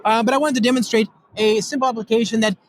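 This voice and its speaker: Fast-talking high-voiced man demoing code. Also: slight background noise, rough recording. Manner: fast, excitable, rambling with many fillers. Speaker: guest developer demonstrating software. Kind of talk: casual technical chat with live demo. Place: recorded in Europe.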